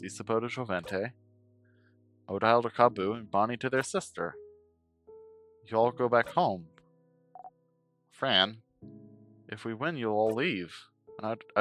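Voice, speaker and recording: A man voicing a timid, lonely young traveler while reading a video game's dialogue aloud in a soft, hushed voice. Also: lowish voice, lightly acted.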